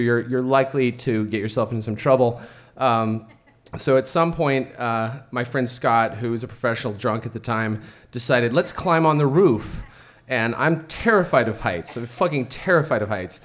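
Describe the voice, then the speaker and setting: A man at a middle pitch tells a personal story to a crowd. He rambles and swears freely, in a loose, casual way. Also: fairly bright tone. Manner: rambling and profane. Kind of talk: personal story told to an audience.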